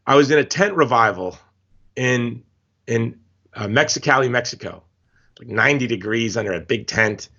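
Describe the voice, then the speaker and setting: A man's voice: medium pitch, fairly bright tone. Passionate man telling stories, lo-fi audio. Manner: passionate storytelling, emphatic repetition. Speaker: guest. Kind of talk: podcast interview. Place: Hawaii.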